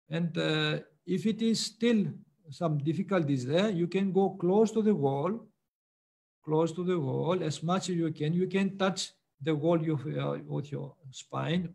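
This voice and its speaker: Male meditation teacher, high gravelly voice, halting and patient delivery. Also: darkish tone. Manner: hesitant, many pauses and fillers, patient. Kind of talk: answering questions in a meditation class.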